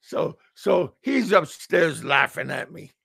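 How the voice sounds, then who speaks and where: A middle-aged man from the US talks slowly and unhurriedly in a gravelly, slightly raised voice. He stammers, repeats words and chuckles often through a rambling, joking monologue. The sound is dry and close. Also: a little high, expressive, fairly bright tone, dry recording. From United States. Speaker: expat vlogger.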